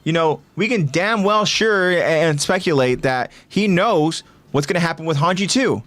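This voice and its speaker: A man co-hosting a casual podcast discussion, animated, putting on raised voices for quoted lines and thinking aloud with fillers and restarts. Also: on the high side, moderate pace, no echo. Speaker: podcast co-host.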